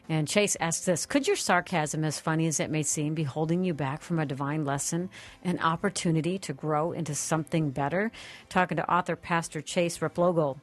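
A woman hosting a radio talk show, enthusiastic and affirming toward her guest. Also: deep voice.

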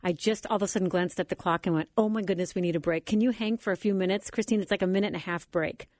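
A woman's voice: medium pitch, fast talker, dry recording. Encouraging woman hosting call-in radio. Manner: warm, encouraging, enthusiastic. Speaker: radio talk show host. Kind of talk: call-in radio talk show. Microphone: studio microphone.

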